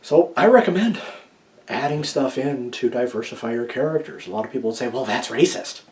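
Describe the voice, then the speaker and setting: Chatty opinionated man giving writing tips. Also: a little fast. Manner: chatty, keeps checking in with "okay?"; lively, jumps between loud emphasis and low asides. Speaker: writing advice vlogger. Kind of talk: casual opinionated talk to camera.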